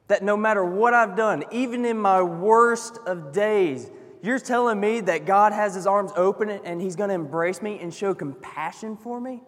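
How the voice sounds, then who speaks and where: A man with a high voice preaching a sermon, earnest and storytelling. He swings from hushed passages to emphatic ones. His voice rings with the long reverb of a hall. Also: normal speed.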